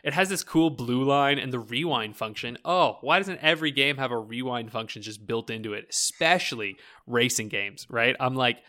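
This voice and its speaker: A man's voice: mid-range voice, normal speed, few pauses, sharp tone. A man rambling about video games in a casual podcast chat, swearing freely, leaning on "like" and laughing often.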